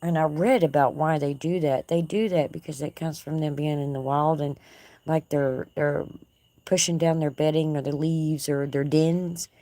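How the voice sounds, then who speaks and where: A woman's voice: low voice, fairly even intonation, normal speed, dark tone, no room sound. A woman with a Texan accent hosting a casual live stream from her porch, folksy and chatty with her viewers. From Texas. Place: outdoor porch at dusk.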